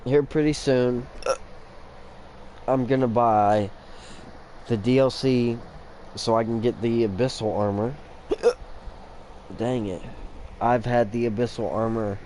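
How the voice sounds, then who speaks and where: A man's voice: mid-range voice, steady tone, takes it slowly, pauses often, darkish tone, a little hiss or hum. A man giving casual commentary on his own gameplay, rambling and thinking aloud while he has the hiccups. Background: game music.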